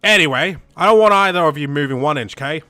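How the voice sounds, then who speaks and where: Brief: man playing a shouty game detective, gruff, put-on bogan twang, pitch pushed up. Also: expressive, normal speed, dry recording, clean studio sound, faint music behind. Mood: blustering. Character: loud gruff male police detective. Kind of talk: reading game dialogue aloud.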